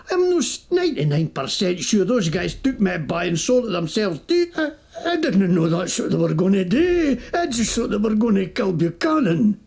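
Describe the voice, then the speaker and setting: A shifty wasteland crook with a put-on Scottish brogue for a video game. His voice is gravelly and swoops up and down a lot as he whines, bargains and makes excuses. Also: sits high, darkish tone, exaggerated voice. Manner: whiny, excuse-making, wheedling.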